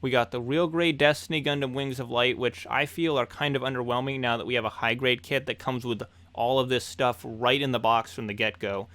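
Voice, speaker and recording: A man's voice: medium pitch, no room sound. Young male host for hobby news commentary, eager and upbeat, recorded dry and close. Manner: excitable, enthusiastic.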